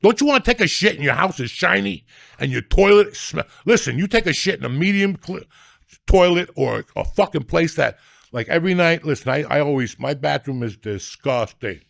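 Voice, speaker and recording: A middle-aged man telling comic stories as a podcast guest, loud, ranting and foul-mouthed. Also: fairly high pitch, animated, moderate pace, creaky, no room sound, clean studio sound. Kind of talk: profane comic storytelling.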